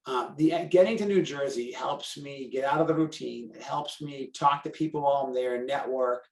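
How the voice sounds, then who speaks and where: A man's voice: medium pitch, normal speed, creaky, distant mic. Chatty Boston man in a roomy room. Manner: chatty, self-deprecating, talks in run-on sentences with fillers. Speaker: carwash operator and convention co-chair. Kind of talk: casual podcast chat.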